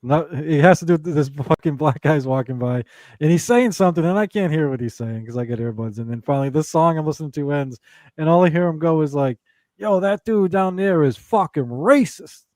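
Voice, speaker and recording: A man's voice: fairly high pitch, fast talker, darkish tone, no echo. Male podcast co-host, casual storyteller, swears a lot, laughs into his sentences, dry close sound. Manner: profane, rambling, laughs mid-sentence.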